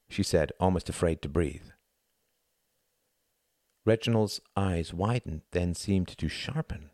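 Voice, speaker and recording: A man narrating an audiobook in a measured, intimate reading. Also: deep voice, a little mellow, no room sound, studio quality.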